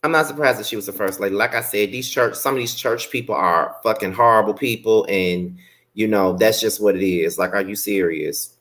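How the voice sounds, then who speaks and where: A woman giving a blunt, sassy live recap, swearing freely and breaking into sharp outbursts. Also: a little fast. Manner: rants with sudden high-pitched outbursts. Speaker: live-stream show reviewer. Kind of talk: unscripted live recap commentary.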